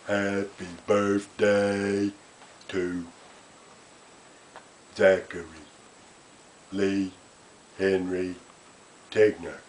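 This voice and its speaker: Cheerful male puppet, played by a man, slow, low, gravelly. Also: darkish tone, slight background noise. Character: cheerful male puppet who loves ice cream.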